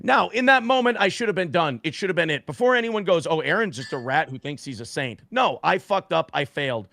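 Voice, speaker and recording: A man casually telling a profane, animated story on a podcast, acting out quotes. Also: a little high, a little fast, gravelly, few pauses, no echo. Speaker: guest storyteller.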